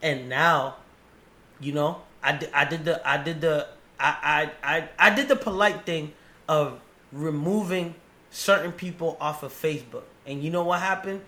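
A man hosting a podcast in casual chat, animated and profane, often restarting his sentences. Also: a little high, moderate pace. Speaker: podcast host.

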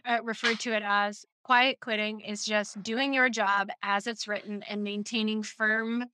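A woman co-hosting a podcast in a casual, animated chat, laughing often and tossing in quick asides. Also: mid-range voice, background noise. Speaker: podcast co-host.

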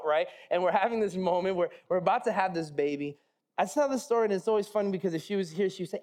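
A man in his thirties preaching a sermon, telling a funny personal story and acting out the voices with self-mocking humor. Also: high voice. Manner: animated, acts out quotes, self-mocking humor. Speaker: pastor.

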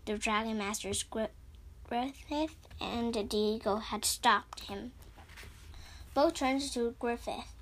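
Woman, reading a storybook aloud, plain, unhurried, small slips, fairly high voice. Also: slight background noise. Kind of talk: reading a children's chapter book aloud.

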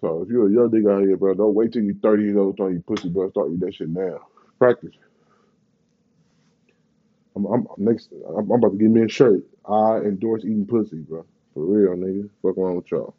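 A man's voice: deep voice, fairly quick, husky, phone-quality sound. A man, ranting in a profane, rambling, slang-heavy way in a casual vlog. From Bay Area, California. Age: 30s.

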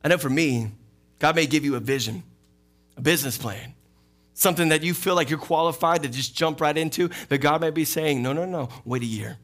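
Animated pastor preaching with bright voice. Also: male voice, a little high, a little fast, soft background music. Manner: animated, acts out quoted voices, laughs often. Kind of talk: sermon. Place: church sanctuary.

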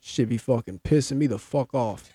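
A man's voice: mid-range voice, normal speed, mellow, slightly rough, no room sound, clean studio sound. A young man co-hosting a casual sports podcast, ranting and swearing heatedly about his team's play. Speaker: podcast co-host.

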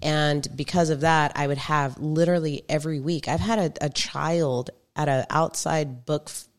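Low-voiced, chatty woman guest. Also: steady tone, moderate pace. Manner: chatty storyteller, laughs often. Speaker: podcast guest. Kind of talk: casual chat.

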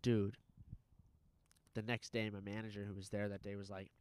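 A man in casual chat, telling a story in an animated, profane way with lots of fillers. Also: fairly low pitch, moderate pace, smooth.

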